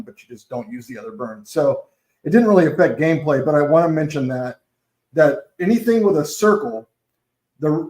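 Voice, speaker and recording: A man explaining board game rules in a casual, halting way, with many fillers and self-corrections. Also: mid-range voice, darkish tone. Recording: echoey room.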